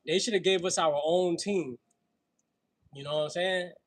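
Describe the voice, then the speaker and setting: A man's voice: high-pitched, moderate pace, low-quality recording. A man from Brooklyn with a New York accent, talking casually and laughing on a fitness livestream between sets. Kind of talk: casual livestream chat while working out.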